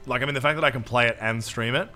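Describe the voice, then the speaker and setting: A casual, self-deprecating Australian man commentates a game live, reading chat and cracking jokes. His voice sits at a middling pitch, and quiet game music plays underneath. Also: rapid-fire. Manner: casual, jokey, self-mocking, swears freely. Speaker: streamer.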